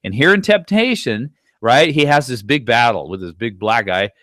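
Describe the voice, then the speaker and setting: A man teaching a class in a conversational lecture style, animated and often checking in with the listeners. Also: medium pitch, moderate pace, no room sound, studio quality. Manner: conversational, checks in with frequent "right?"; animated retelling with brief quoted voices.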